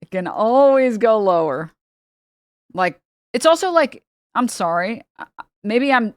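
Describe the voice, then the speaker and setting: A woman's voice: medium pitch, big pitch swings, normal speed, no room sound, studio quality. A young woman streamer reacting heatedly on a live stream, profane and full of stumbling restarts.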